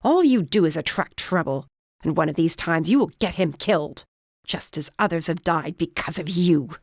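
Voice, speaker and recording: A cold, imperious middle-aged witch mother, as an audiobook narrator plays her, clipped and disapproving. The voice sits fairly low and close, with a dry, dead sound. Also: lively intonation, moderate pace, no echo. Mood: threatening.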